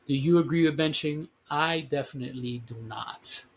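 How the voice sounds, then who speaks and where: Male podcast host, husky and congested from allergies, casual and emphatic, reads articles aloud with commentary. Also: fairly high pitch, moderate pace. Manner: conversational and emphatic, reads news aloud with asides.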